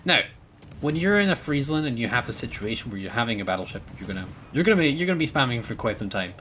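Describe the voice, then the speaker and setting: A man's voice: mid-range voice, big pitch swings, fast talker, a bit bright, a little hiss or hum. A man streaming a naval battle game, chatting with his viewers and teammates, thanking supporters and laughing often as he plays. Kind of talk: casual gameplay commentary.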